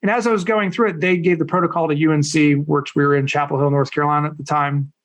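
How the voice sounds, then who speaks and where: A middle-aged man, a podcast guest and coach, telling his story in a casual, animated way, acting out what others said and swearing bluntly. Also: fairly high pitch, fast talker. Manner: animated, acts out quoted people.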